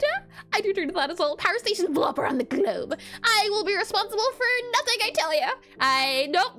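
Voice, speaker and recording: A woman's voice: very high voice, a bit bright. A woman streaming herself drawing pixel art, chatting casually and giggling as she works and answers her chat. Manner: chatty, giggly, reads chat aloud and banters. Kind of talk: casual livestream commentary while drawing.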